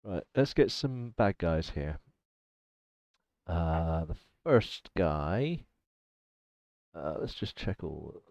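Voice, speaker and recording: A man's voice: sits low, very animated, drawn-out words, pauses often, darkish tone, no room sound. A man running a tabletop game as game master, thinking aloud and laughing often as he checks the rules.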